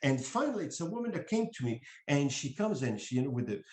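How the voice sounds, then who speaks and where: A middle-aged man with a French accent, a wine importer, telling stories in conversation in an animated way, acting out quoted dialogue and often restarting his sentences. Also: medium pitch, fast, echoey room, poor audio. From France. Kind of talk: storytelling in conversation.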